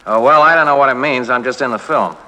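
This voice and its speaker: An actor in a 1960s radio interview, answering in a rambling, hesitant and playful way. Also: male voice, medium pitch, fast, sharp tone. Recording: 1960s radio, long reverb.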